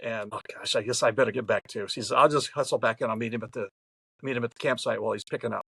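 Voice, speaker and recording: Podcast guest, man in his 70s from New York State, gravelly voice, rambling anecdotal storyteller, dry close recording. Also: medium pitch, fairly even intonation, fast talker, sharp tone, no echo, rough recording. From New York State, USA. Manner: chatty, rambling, frequent restarts.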